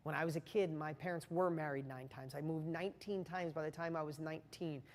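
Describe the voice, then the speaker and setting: A man's voice: a little high, steady tone, brisk. A man pours himself into a motivational talk, earnest and intense, turning again and again to address the listener directly. His voice rings out with a long hall reverb behind it. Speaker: motivational speaker.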